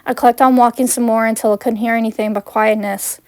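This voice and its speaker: A woman reading her own fan fiction aloud in first person, plain and earnest. Her voice sits a bit high. The sound is dry and close, with no room echo. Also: fairly even intonation, brisk, darkish tone, clean tone.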